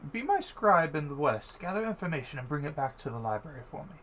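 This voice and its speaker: A man's voice: fairly high pitch, big pitch swings, fast talker, fairly bright tone, a little hiss or hum, pitched above the performer's own voice. A man voicing a fussy male court scholar who stammers politely while he speaks. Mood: brisk.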